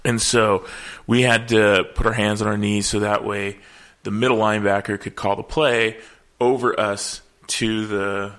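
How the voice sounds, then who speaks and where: A man's voice: on the low side, flat delivery, measured pace, fairly bright tone. A man around forty hosting a casual chat, telling stories in a laid-back way, swearing and trailing off with fillers. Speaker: comedian, host.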